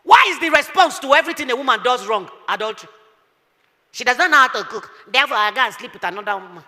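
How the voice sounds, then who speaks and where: Bright-voiced woman preaching. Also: fairly high pitch, expressive, quick pace, long reverb tail. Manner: emphatic preaching with rhetorical questions and storytelling. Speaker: pastor. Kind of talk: sermon.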